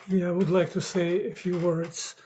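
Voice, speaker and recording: A man speaking at a memorial in a slow, measured way, over dull, lo-fi audio. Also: sits high, level tone, warm tone, a little hiss or hum.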